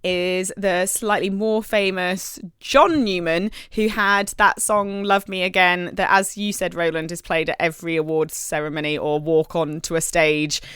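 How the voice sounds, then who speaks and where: A woman co-hosting a podcast in a relaxed, gushing chat, laughing often. Her voice is smooth and clear. The recording is close and dry, with no room sound. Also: lowish voice, unhurried, few pauses, no echo. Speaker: podcast co-host.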